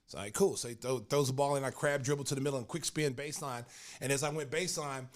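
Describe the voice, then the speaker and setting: A man hosting a podcast, telling a story with animated energy and acting out other people's lines. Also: mid-range voice, fast talker. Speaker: podcast host.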